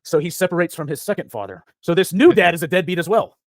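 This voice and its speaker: Man, slightly high voice, very quick, dry close mic, excitable reactions. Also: no echo. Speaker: co-host of a live stream. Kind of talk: casual chat.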